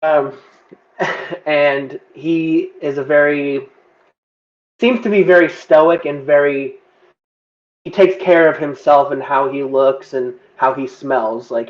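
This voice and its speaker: A man's voice: medium pitch, steady tone, measured pace, highs cut off. A man casually describing his tabletop game character in a rambling, chatty way. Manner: rambling, laughing.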